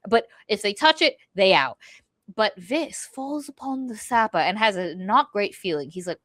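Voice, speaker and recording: A woman's voice: a little high, expressive, moderate pace, a bit bright, no echo, clean studio sound. A woman co-hosting a book podcast, retelling the plot casually in a rambling way and dropping into mock voices for the characters. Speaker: podcast co-host. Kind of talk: casual book-review chat.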